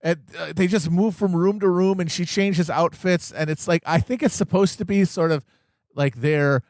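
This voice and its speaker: Man, podcast co-host. Exasperated, mocking; slightly high voice, dry close sound. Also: moderate pace, a little mellow, no echo. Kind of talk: casual comedic film review chat.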